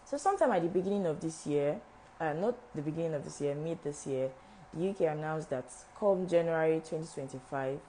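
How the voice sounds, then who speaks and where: A woman's voice: deep voice, fairly quick, mellow, a little hiss or hum, rough recording. A young woman, a visa officer hosting a live information session, who often repeats and restarts her phrases as she talks straight to viewers. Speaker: visa officer at a travel agency.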